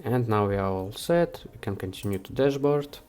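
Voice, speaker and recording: A man hosting a software how-to, talking the viewer through each step with frequent hesitations. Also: lowish voice, expressive, clean tone. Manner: unhurried, with frequent "uh" fillers. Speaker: software tutorial host. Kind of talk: screen-recorded how-to walkthrough.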